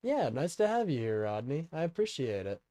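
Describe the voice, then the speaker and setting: A man's voice: mid-range voice, sing-song, a little fast, dark tone. A young man from Kansas hosting a casual political livestream, rambling with lots of fillers as he talks to his chat. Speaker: livestream host.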